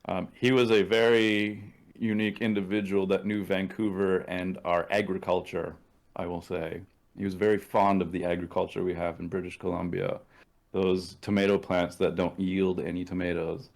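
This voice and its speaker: Canadian man, low voice, casual profane storyteller, acts out quotes. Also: little pitch movement, normal speed, gravelly. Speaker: podcast guest.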